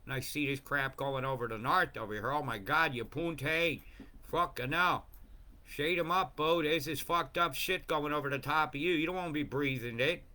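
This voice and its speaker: A man giving a rambling, profane commentary over weather maps, swinging between mumbled asides and loud rants. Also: on the high side, moderate pace. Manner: profane, ranting, jumps between mumbling and bursts.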